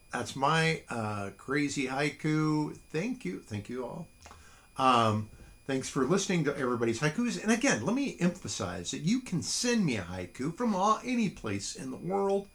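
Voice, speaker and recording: A middle-aged man hosts a casual solo podcast from a small home studio. His gravelly voice moves up and down with a lively pitch. He rambles and pokes fun at himself, with plenty of fillers. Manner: rambling, self-deprecating, lots of fillers. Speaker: podcast host.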